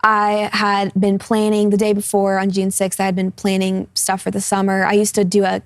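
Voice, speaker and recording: In a television studio, a woman in her twenties shares her personal testimony as a talk show guest, speaking earnestly and openly and laughing easily during lighter moments. Her mid-range voice is monotone, moves at normal speed, and carries no room sound.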